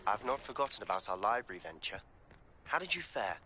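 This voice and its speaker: An actor playing a sly teenage student with a conspiratorial manner, in video game dialogue. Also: male voice, on the low side, sing-song, a little fast. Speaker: fellow student.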